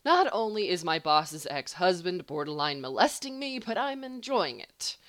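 A sarcastic, quick-tongued grown man, voiced by a woman who gets flustered easily. The tone stays a little low and the sound is dry and close. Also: sing-song, fairly bright tone, no echo.

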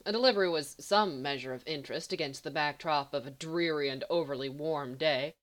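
A woman narrating a story in a steady, even reading voice. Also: sits low, fairly quick. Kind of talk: audiobook fiction reading.

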